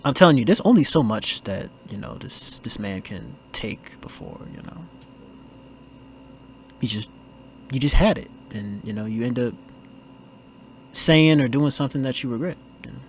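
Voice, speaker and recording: A man's voice: mid-range voice, animated, normal speed, pauses often, slight background noise. A man hosting a podcast, giving casual movie commentary in a laid-back, slangy way, laughing often. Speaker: podcast host.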